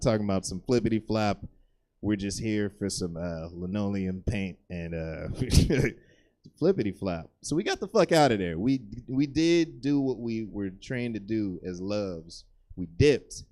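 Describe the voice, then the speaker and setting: A male stand-up comedian tells a meandering story from a theater stage. His delivery is loose and rambling, full of restarts, and he leaps up in pitch whenever he acts out someone else. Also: normal speed, a little mellow.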